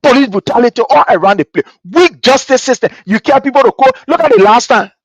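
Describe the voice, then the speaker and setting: A man with a Liberian English accent hosting a political commentary show, talking in an animated, repetitive way and mimicking the people he quotes. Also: very high-pitched, fast, vocal fry, no room sound, dull audio.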